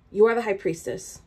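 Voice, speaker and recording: A woman's voice: medium pitch, mellow, slightly rough. A woman giving a tarot reading straight to the viewer, urgent and emphatic, repeating her points. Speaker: tarot reader.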